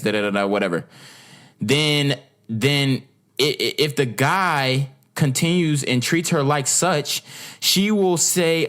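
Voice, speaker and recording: A man's voice: mid-range voice, moderate pace, a bit bright. A young man ranting casually to his viewers in a blunt, profane, rambling way, with restarts and asides as he scrolls. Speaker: vlogger. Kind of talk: casual unscripted rant to camera.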